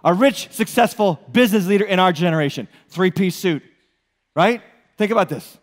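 Male pastor, New England accent, high voice, lively preaching with jokes and rhetorical questions, church hall reverb. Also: moderate pace. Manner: animated, joking asides, rhetorical questions to congregation. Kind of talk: sermon. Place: church auditorium.

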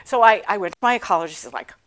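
A middle-aged woman and cancer survivor telling her own story in a class talk, animated and self-deprecating, laughing often. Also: medium pitch, very fast.

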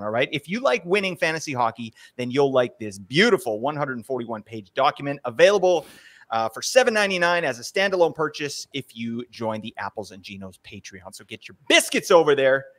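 A man's voice: on the high side, fairly bright tone. A man hosting a fantasy sports podcast, chatting casually with upbeat, joking banter. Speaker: podcast host.

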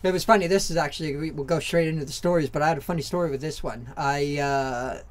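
A man's voice: fairly high pitch, quick pace. An American man in his forties from Southern California, a former motorcycle racer telling stories as a podcast guest, candid and rambling, with lots of fillers, restarts and casual swearing. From Southern California, USA. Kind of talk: casual storytelling interview.

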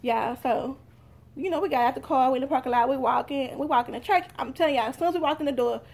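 Young woman vlogger, high voice, chatty haul talk. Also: fast, gravelly, darkish tone. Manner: chatty, talks straight to viewers. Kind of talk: casual haul vlog.

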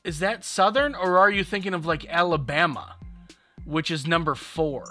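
A man's voice: on the high side, normal speed, sharp tone, faint music behind. A man co-hosting a podcast in loose, rambling casual chat, full of fillers. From Buffalo area, New York. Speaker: podcast co-host.

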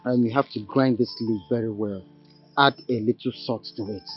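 An actor with a Nigerian accent playing a herbalist who gives careful, measured instructions. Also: male voice, medium pitch, steady tone, highs cut off, soft background music, lightly acted. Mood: instructive.

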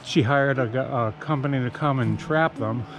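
A man's voice: medium pitch, moderate pace. A man casually vlogging outdoors in a backyard, talking in a laid-back, rambling way. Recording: clear music under the voice.

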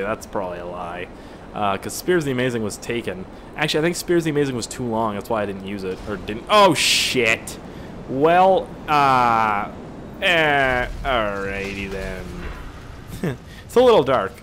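A man's voice: mid-range voice, a bit bright, slight background noise. A young man doing casual, profane gameplay commentary, rambling and joking as he plays. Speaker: gaming channel host.

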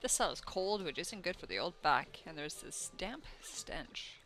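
A woman's voice: on the low side, sing-song, a little slow, a bit bright, soft background music. A woman voicing a cranky, bossy old female elder of a tiny bug-like tribe in a video game. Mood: impatient. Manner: scolding, bossy.

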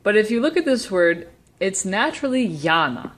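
A woman teaching Spanish stress rules, slowly sounding out example words. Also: mid-range voice, sing-song. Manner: slow, deliberate word demonstrations. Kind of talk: classroom-style explanation.

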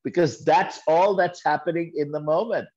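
A man's voice: fairly high pitch, normal speed, darkish tone, dull audio. A man giving a sermon at a church service, telling parables and acting out the voices of the people in them, with emphatic repetitions. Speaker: guest speaker at a church service.

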